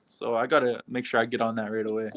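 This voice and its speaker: A man's voice: medium pitch, level tone, fast. A young man from Canada, a fighter answering interview questions in an easygoing way over a video call. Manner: easygoing, laid-back, with frequent soft laughs.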